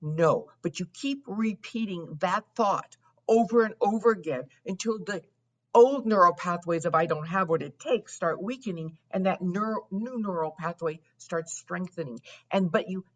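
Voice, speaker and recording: Low-voiced woman explaining steadily. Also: moderate pace. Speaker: guest, financial therapist and wealth coach. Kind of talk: podcast interview.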